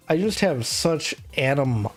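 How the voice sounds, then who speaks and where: Drunk and drawling slowly, a streamer hosting a late-night chat wanders from topic to topic, swearing, trailing off and occasionally hiccuping. The middling-pitched voice has lively intonation, and soft music runs in the background.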